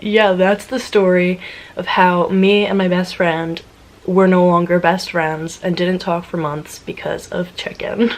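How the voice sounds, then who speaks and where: A young woman in her twenties telling a story to her vlog audience in a casual, animated way, swearing freely and laughing often. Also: fairly low pitch, low-quality recording. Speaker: vlogger.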